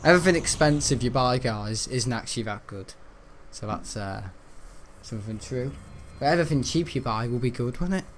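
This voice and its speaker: Teen lad chatting over a game, rambly and grumbly, bit of faint hiss behind. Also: male voice, medium pitch, animated, normal speed. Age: teens. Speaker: gaming channel host. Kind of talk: casual gameplay commentary.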